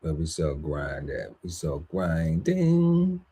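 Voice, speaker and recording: A man's voice: very deep voice, huge pitch swings, mellow, husky. A man co-hosting a podcast, reading a long list of words aloud and playfully riffing on some of them. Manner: lists words slowly, riffs playfully on them. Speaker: podcast co-host. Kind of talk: reading out a word list with banter.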